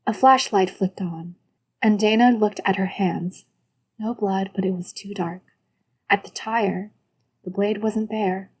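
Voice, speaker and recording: A woman giving scripted audiobook narration in a steady, even storytelling manner. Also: medium pitch, a little slow, breathy edge.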